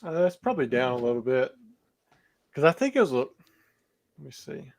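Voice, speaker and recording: A man's voice: mid-range voice, very animated, normal speed, vocal fry. A man who is a guest on a podcast interview and sells cards, talking in a rambling way and hedging with lots of fillers. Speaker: podcast guest, card seller.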